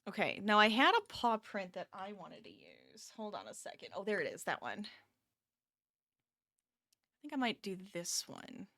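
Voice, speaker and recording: A woman's voice: medium pitch, very animated, moderate pace, long pauses, pushed and bright, no room sound, clean studio sound. A tired woman chatting casually with her viewers during a live crochet stream from her home office, laughing often and reading chat aloud.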